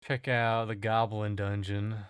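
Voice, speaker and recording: A man's voice: fairly low pitch, flat delivery, measured pace, clear, resonant tone, no room sound. A man streaming a video game, chatting casually and rambling with jokes and swearing. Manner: joking, profane, rambling. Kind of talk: casual gameplay commentary.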